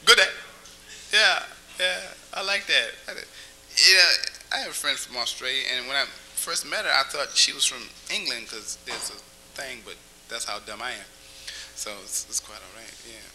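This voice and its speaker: A man's voice: medium pitch, moderate pace, pushed and bright, low-quality recording. A man doing stand-up comedy in a small cafe, chatty and teasing the audience with questions, sometimes breaking into a crooning song. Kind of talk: stand-up comedy with crowd work.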